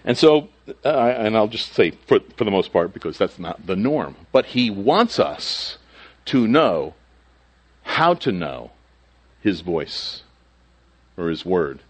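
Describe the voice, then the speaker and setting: A man's voice: on the low side, very animated, slow pace, long pauses, slightly rough. A male pastor teaching through a Bible passage in a conversational sermon, sometimes acting out the quoted speakers.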